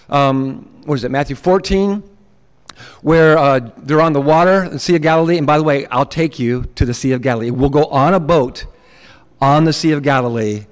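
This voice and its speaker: A male pastor delivers a sermon in an easygoing, animated way, acting out the quotes he tells. His voice sits high for a man. The sound carries a long reverb, as in a big church sanctuary.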